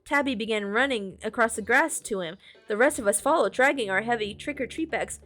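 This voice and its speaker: High-voiced woman reading a storybook live. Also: a little fast, bright, forceful tone, faint music behind. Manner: chatty asides to chat, reads with small self-corrections. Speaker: streamer reading aloud.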